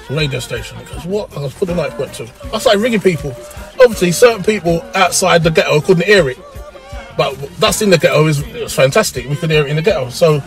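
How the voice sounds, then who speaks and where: A middle-aged man with a South London accent telling a long story in an interview, lively and quick to laugh and act out the voices. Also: fairly high pitch. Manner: animated, breaks into laughter and acts out voices. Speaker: interview guest, radio pioneer. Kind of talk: casual storytelling.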